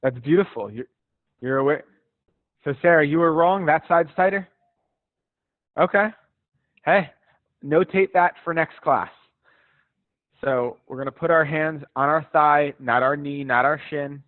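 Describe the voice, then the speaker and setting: Over a call, an encouraging man guides a live stretching class, keeping things relaxed and chatty with little laughs. His voice is on the high side, somewhat slow, with frequent pauses. The audio has no echo and comes through dry and tinny, phone-like.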